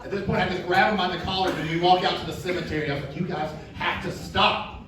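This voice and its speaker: A man's voice: sits high, fairly even intonation, very fast, crowd noise. A man doing a self-deprecating stand-up set, telling family stories on a club stage. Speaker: stand-up comedian. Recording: echoey club, distant mic, audience.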